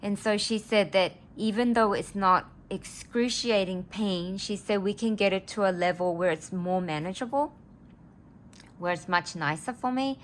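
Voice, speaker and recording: A woman's voice: medium pitch, normal speed, slight background noise. A woman, telling a personal story in a casual vlog, earnest and rambling as she gets emotional. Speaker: vlogger.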